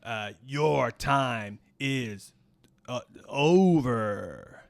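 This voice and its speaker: A man putting on a menacing male wrestling villain cutting a promo, drawing his threats out slowly. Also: mid-range voice, animated, creaky, no echo, full character voice. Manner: slow, drawn-out threats.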